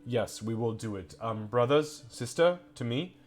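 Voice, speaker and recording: A man's voice: mid-range voice, lively intonation, unhurried, close to an everyday voice. A man voicing a nervous male priest who stammers and apologizes.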